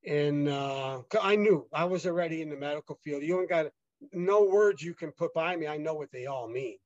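A man guest with a fairly high voice tells his story in a casual, rambling way, stumbling over restarts and acting out what others said. The recording sounds dull and lo-fi, close and without room echo. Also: moderate pace. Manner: rambling, many fillers and restarts, re-enacts dialogue.

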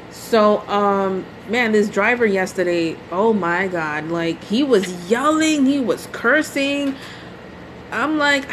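A woman's voice: medium pitch, fairly bright tone, slight background noise, rough recording. Woman ranting casually on her podcast. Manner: exasperated ranting storytelling, full of "you know" and "like"; mild swearing. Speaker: podcast host. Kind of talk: casual solo podcast monologue.

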